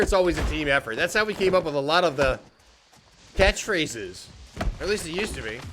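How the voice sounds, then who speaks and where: A man's voice: fairly high pitch, noisy background. A man hosting a livestream, chatting casually with viewers in a jokey way and laughing often. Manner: jokey, laughs often, says "dude" and "frickin'". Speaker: livestream host.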